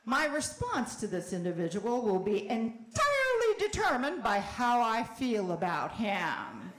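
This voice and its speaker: Animated woman comic in a roomy club. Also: a little high, measured pace, hardly any pauses. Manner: animated, with loud shouted bursts and wry asides. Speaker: stand-up comedian. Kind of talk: stand-up comedy set. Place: comedy club.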